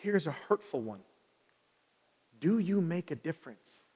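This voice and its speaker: A man's voice: fairly high pitch, big pitch swings, unhurried, warm tone, husky. A man preaching a sermon as pastor, talking conversationally and putting questions to the congregation. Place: church sanctuary. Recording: long reverb of a large hall.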